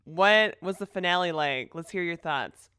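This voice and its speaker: A woman's voice: lowish voice, moderate pace, pushed and bright, smooth, dry recording, clean studio sound. A woman co-hosting a podcast in casual chat, upbeat and steering the conversation along. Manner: upbeat, moves the talk along. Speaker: podcast co-host.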